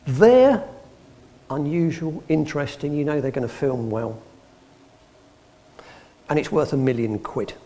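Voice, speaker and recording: Speaking at a measured pace with frequent pauses, this middle-aged Englishman, an antiques expert invited to talk, entertains a public-hall audience with dry, funny stories, voicing the characters himself. His voice is fairly high and mellow.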